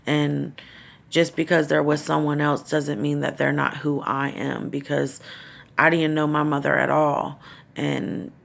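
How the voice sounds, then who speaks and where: Her voice rumbles low with a creaky edge yet keeps a fairly bright tone. Talking about grief on her personal vlog, this middle-aged woman is tearful, profane, and raw, holding back crying while she speaks from the heart.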